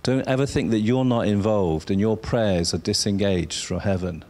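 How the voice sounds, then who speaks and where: A man preaching a sermon, drawing words out for emphasis and sometimes dropping to a soft whisper. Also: on the low side. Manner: slow, drawn-out emphasis, dropping to a whisper at times.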